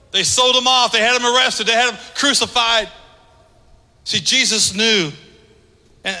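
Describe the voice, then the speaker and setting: High bright-voiced male pastor preaching. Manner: emphatic preaching that swings between loud and hushed. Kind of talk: sermon. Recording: long reverb of a large hall.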